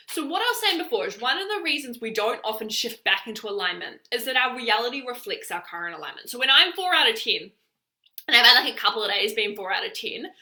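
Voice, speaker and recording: A woman's voice: high-pitched, bright, forceful tone. A woman life coach talking casually to her viewers, chatty and full of filler "likes". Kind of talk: casual talk to camera.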